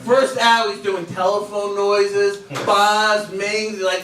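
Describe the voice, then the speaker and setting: High-voiced man doing stand-up in a club. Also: fairly even intonation, takes it slowly, recorded from a distance, crowd noise. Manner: punchy self-deprecating delivery with act-out voices. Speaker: stand-up comedian. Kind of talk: stand-up comedy set. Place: comedy club stage. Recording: echoey club taped from afar. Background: audience laughter.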